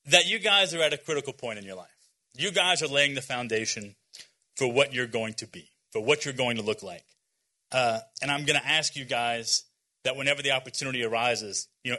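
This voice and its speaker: Speaking at medium pitch with a sharp tone, this youth speaker in his forties preaches informally and earnestly to young people. He restarts often, leans on fillers and pokes a bit of fun at himself.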